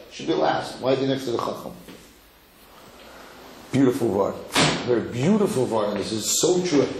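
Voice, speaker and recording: A middle-aged man, a rabbi, giving an animated lesson to a live audience, repeating phrases and putting questions to the room. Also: medium pitch, slight background noise. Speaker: rabbi teaching a class. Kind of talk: Torah lecture to a live audience. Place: lecture hall with audience. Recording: echoey hall.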